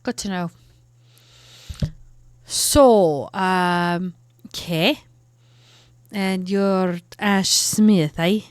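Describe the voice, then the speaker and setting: A woman's voice: lowish voice, extremely slow, long pauses, smooth, no echo, clean studio sound. A woman with an Irish accent, playing a tabletop role-play game and teasing the others. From Ireland. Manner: playful, teasing, lively banter. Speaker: player.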